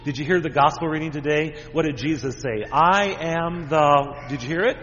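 A man's voice: a little high, quick pace, fairly bright tone. A man speaks to children in a raised, friendly voice and keeps asking them simple questions. His words ring out with a long church reverb. The recording is dull, with a faint hum of ambience behind him. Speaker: pastor. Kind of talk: children's sermon.

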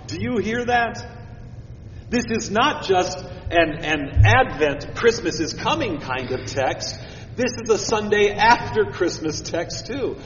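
A male pastor delivering a sermon in a slightly higher voice, dropping low and quiet then rising with emphasis. He is picked up from a distance in a big church, with a long reverb and a dull, muffled tone. A faint hiss sits under it. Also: takes it slowly. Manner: expressive, swings from hushed to emphatic. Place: church sanctuary. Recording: echoey church hall from far off, dull sound, faint hiss.

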